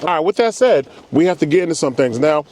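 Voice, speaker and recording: A man reviewing fast food in a casual video, talking in hyped, slangy, playful rhymes. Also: fairly high pitch, animated, a little mellow.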